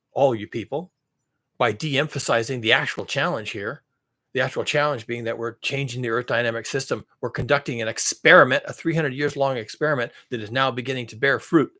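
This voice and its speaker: A man's voice: mid-range voice, pushed and bright. A man delivering a heated, profane monologue, mocking and piling up repetitive lines as he builds. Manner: mocks others in sarcastic voices. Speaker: climate commentary channel host. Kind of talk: angry monologue rant.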